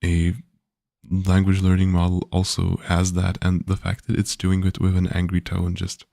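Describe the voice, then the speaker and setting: A man's voice: low-pitched, completely flat delivery, normal speed, vocal fry, dark tone, no echo, studio quality. A man, a game developer, thinking aloud casually while coding, hesitant with many filler sounds.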